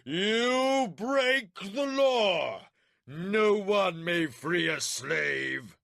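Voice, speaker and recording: An enraged, tyrannical warlord who screams every word slowly and drags it out, as a man plays him in an audiobook. His voice pitches up high and bright with rage. The sound is close and dry. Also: animated, gravelly, dry recording, exaggerated voice. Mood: screaming rage. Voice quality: screaming, slow and drawn-out.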